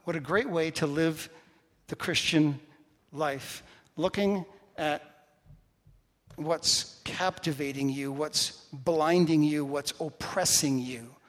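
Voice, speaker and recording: A male pastor preaching a sermon, telling a personal story with animated swings between loud and hushed delivery. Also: a little high, slow pace. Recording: reverberant church hall.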